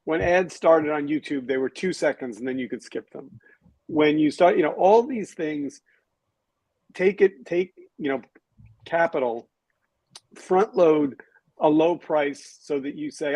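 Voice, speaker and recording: A man's voice: fairly high pitch, animated, a little slow, a little mellow, no room sound, low-quality recording. A man hosting a casual panel discussion, wry and sarcastic, thinking aloud with restarts. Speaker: podcast host.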